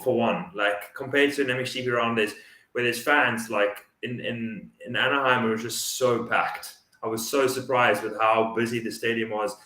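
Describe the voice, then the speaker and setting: A man's voice: mid-range voice, a bit bright. A Dutch-native man co-hosting a talk show, speaking English in an enthusiastic way and often repeating words as he thinks. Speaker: co-host. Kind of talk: casual chat. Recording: echoey room sound.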